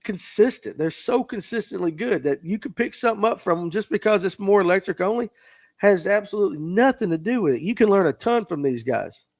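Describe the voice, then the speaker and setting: A man's voice: high-pitched, animated, a little fast, darkish tone. A man hosting a fishing podcast livestream, chatting casually and reading out viewer comments in a folksy way. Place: tackle shop.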